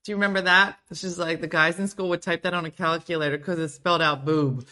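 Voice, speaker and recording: A woman's voice: on the low side, fairly quick, sharp tone. A woman hosting a casual livestream chat from home, playfully riffing on viewer comments. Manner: playful, reads viewer comments aloud and riffs on them. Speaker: show host.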